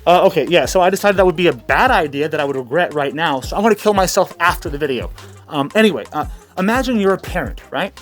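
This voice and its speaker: A man's voice: on the high side, expressive, fast, faint music behind. A man hosting a comedic commentary channel, ranting crudely with stammers and sarcastic jokes. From Middle East.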